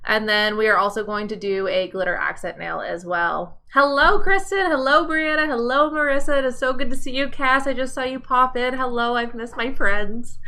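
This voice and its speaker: A woman's voice: a little high, normal speed, few pauses, sharp tone. A woman hosting a live nail tutorial stream, chatting in an upbeat way and greeting viewers by name. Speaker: nail tutorial livestream host.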